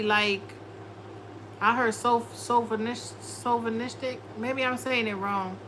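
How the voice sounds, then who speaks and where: A woman's voice: a little high, a bit bright, slight background noise, low-quality recording. A woman doing a casual tarot reading, sassy and profane, often slipping into quoted voices. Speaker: tarot reader.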